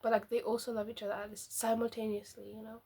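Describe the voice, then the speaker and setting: A woman's voice: fairly high pitch, flat delivery, fast talker, warm tone, husky. A young woman chatting casually as a book vlogger, rambling and giggly as she reacts.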